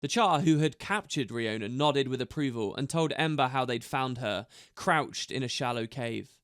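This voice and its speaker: A man narrating an audiobook in a steady storytelling manner. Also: mid-range voice, moderate pace, clear, resonant tone, no echo, clean studio sound.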